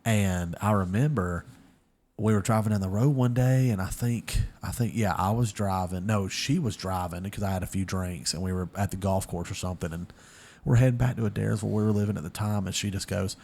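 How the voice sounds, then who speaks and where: Low-voiced man telling stories. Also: a little fast, creaky. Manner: animated storyteller, acts out quoted voices. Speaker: podcast guest. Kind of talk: casual storytelling chat.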